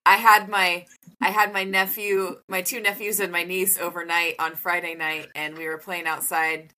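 Woman, casual chat, animated storytelling, bright tone. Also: normal speed. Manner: animated storytelling, high-pitched when quoting a toddler.

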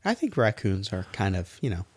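A man's voice: deep voice, wildly swooping pitch, a little fast, slightly rough, no room sound, clean studio sound. A man co-hosting a casual podcast, telling stories playfully. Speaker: podcast co-host.

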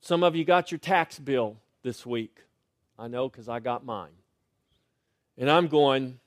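A middle-aged male pastor preaching a sermon, swinging between loud rising lines and quiet, hushed refrains. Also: medium pitch, takes it slowly, long pauses, no room sound, studio quality.

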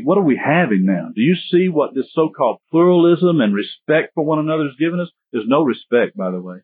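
A man with a Southern US accent preaching a sermon as pastor in a folksy, animated way. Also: mid-range voice, breathy edge, dry recording. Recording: tinny phone-like sound.

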